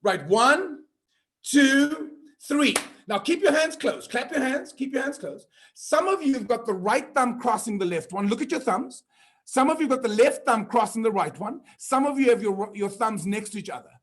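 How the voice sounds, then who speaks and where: A very high-pitched man hosts an online conference. He keeps the tone playful and upbeat, teases his audience and reels off the names of people checking in. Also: animated, moderate pace. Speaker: conference host. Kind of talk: energetic virtual event hosting.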